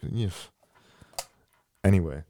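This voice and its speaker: A man's voice: sits low, slow, dark tone. A man hosting a casual chat and scoring songs in a playful, teasing way. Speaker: host.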